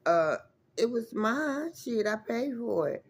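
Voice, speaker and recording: A woman's voice: fairly high pitch, sing-song, takes it slowly, slightly rough. Woman vlogging, rambly profane storytime, keeps saying y'all, real casual. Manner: rambling, emphatic, profane, addresses viewers as y'all.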